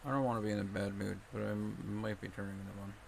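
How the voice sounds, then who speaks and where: Anxious, gravelly-voiced young man. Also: lowish voice, level tone, very fast, noisy background. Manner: mumbly, anxious, talking to himself while sorting cards. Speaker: streamer. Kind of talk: casual live-stream chat.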